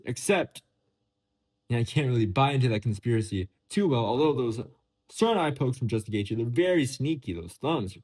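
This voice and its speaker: Guy doing a jokey sarcastic commentary over pics, pitch jumping all over, mid voice. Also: darkish tone. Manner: joking, sarcastic, with big pitch swings. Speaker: MMA commentary vlogger. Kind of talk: casual commentary over photos.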